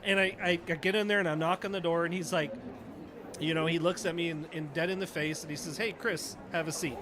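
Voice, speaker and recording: A middle-aged man with a fairly high voice tells a long story in a relaxed chat. He acts out the other people's lines as he goes, with a busy crowd murmuring behind him. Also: fast. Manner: animated storyteller acting out dialogue. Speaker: podcast co-host, retired Navy chief.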